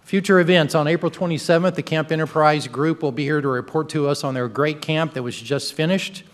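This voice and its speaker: A man's voice: fairly high pitch, fairly even intonation, fairly quick. Upbeat man reading club announcements. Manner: upbeat, joking. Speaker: club president. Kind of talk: meeting announcements. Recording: long reverb of a large hall.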